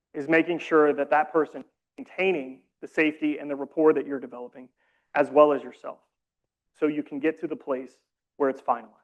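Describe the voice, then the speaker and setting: A man leading a community training session, explaining calmly with casual, self-deprecating asides. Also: fairly high pitch, dull audio. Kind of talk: training presentation.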